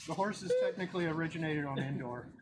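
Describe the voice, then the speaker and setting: A man's voice: on the high side, fast. A man with a slightly raised voice who drops offhand comments and chuckles. Sanding noise fills the shop around him. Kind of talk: casual workshop banter. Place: noisy prop workshop.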